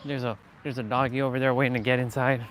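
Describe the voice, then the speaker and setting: A man's voice: mid-range voice, flat delivery, fast, fairly bright tone, a little hiss or hum. A man giving an earnest, emphatic motivational monologue while walking outdoors, repeating his key phrases. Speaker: motivational vlogger. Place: outdoors on a street.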